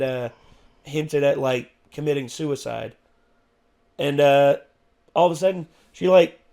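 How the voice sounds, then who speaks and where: A man's voice: on the high side, creaky, a little mellow. A man co-hosting a reaction show, telling a story in casual chat with rambling restarts and fillers.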